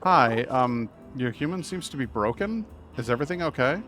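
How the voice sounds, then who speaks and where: A man's voice: mid-range voice, animated, normal speed, over music, lightly acted. Man doing a chirpy little kitten. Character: small curious kitten, friendly and eager.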